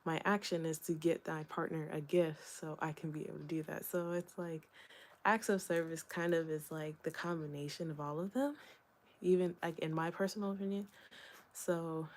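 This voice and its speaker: A young woman talking through her thoughts in a candid solo vlog. Her voice sits a little low, and she rambles gently with lots of fillers and small laughs. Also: steady tone, normal speed. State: hiccups. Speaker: vlogger. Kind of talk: reflective solo vlog talk.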